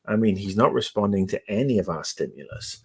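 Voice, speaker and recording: A man's voice: fairly low pitch, expressive, brisk, vocal fry, a little mellow, husky. A man co-hosting a casual podcast discussion, rambling and sarcastic, swearing freely and full of fillers. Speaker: podcast co-host.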